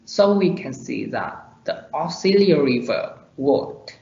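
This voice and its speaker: A man giving a class presentation on pronunciation, reading his examples out slowly and deliberately. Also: fairly high pitch, very animated, gravelly, darkish tone. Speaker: student presenter. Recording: roomy, dull lo-fi recording.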